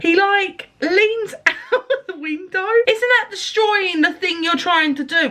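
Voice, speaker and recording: A woman's voice: sits high, fairly bright tone. A woman telling a rambling story to her vlog audience, chatty, laughing and swearing along the way. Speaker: vlogger.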